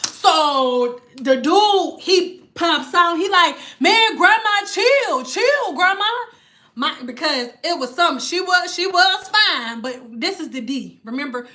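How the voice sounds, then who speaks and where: A woman telling a story on a casual vlog, animated and profane, with laughing asides. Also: sits high, slow, few pauses. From Detroit. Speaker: vlogger.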